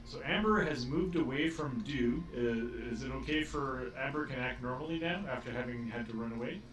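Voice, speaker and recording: A man running a tabletop game as game master, narrating in a halting way full of filler sounds. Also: medium pitch, music in the background. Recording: roomy, distant from the mic.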